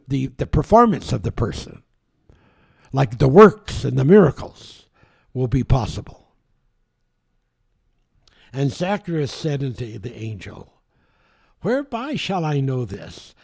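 A man delivers a sermon in a gravelly, mellow voice, reading scripture and then unpacking it. He talks slowly and deliberately, pausing and restarting, his pitch rising and falling widely as he leans into key words. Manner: reads scripture aloud and explains it, halting restarts, dramatic slowing on key words. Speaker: preacher.

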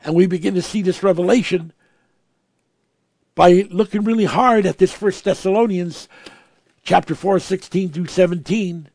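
A man delivering a sermon in a slightly high, gravelly voice with a husky edge. He drops to near-whispered reverence, then rises into emphatic, forceful preaching. The recording is dry, with no room sound. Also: moderate pace, long pauses, dry recording. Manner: swings from hushed awe to emphatic raised preaching.

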